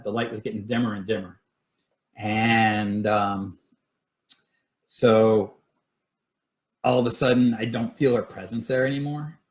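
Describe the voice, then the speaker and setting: A middle-aged man telling his paranormal stories casually on a live stream, rambling with many fillers and restarts. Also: on the low side. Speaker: paranormal investigator sharing stories.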